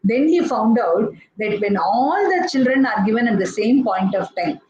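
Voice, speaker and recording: A woman pediatrician from India, with an Indian English accent and a lively, slightly mellow voice on the high side, speaks at normal speed. She explains step by step in a live online talk full of fillers and restarts, captured in echoey, dull, lo-fi sound with faint noise.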